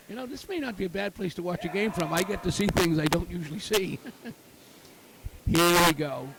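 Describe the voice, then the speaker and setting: A man's voice: high voice, fast, vocal fry, few pauses. A man giving live curling commentary, explaining the game with many fillers and cheering good shots. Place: curling rink with crowd. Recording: crowd noise in an ice rink.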